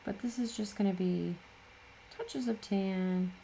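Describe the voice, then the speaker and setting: A woman's voice: medium pitch, takes it slowly, vocal fry, dark tone, slight background noise. A middle-aged woman hosting a casual crafting tutorial, chatty and full of self-deprecating asides. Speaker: craft channel host.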